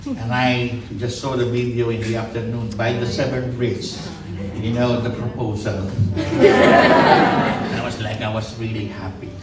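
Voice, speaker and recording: A man's voice: mid-range voice, flat delivery. Filipino father of the bride, echoey hall. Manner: halting, joking and emotional. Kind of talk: wedding speech. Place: wedding reception hall. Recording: echoey and distant, loud crowd noise.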